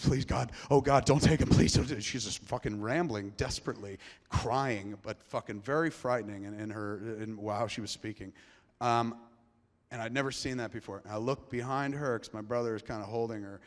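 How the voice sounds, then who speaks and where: A middle-aged man telling a personal story live on stage, profane and rambling, his voice dropping to a hush and then rising loud. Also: lowish voice. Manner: profane, rambling, swings between hushed and loud. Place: large theater before a live audience. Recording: long reverb of a large hall.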